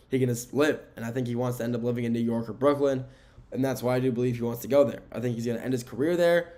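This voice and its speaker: A man's voice: mid-range voice, a little mellow. A young man hosting a casual sports podcast from a room at home, giving rambling, opinionated takes and correcting himself as he goes. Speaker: podcast host. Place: home room with window blinds.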